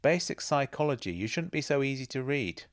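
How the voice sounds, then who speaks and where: A man's voice: mid-range voice, lively intonation, brisk, voice pushed up, close to an everyday voice. A man voicing a playful, self-assured woman who teases and mocks. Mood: knowing. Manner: teasing, knowing, laughs at others.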